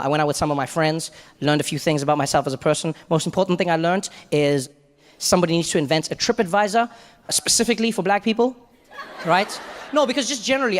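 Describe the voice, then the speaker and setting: A man doing relaxed stand-up comedy, chatting with the crowd and acting out his friends' voices. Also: sits high, in a large hall, a little hiss or hum. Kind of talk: stand-up storytelling.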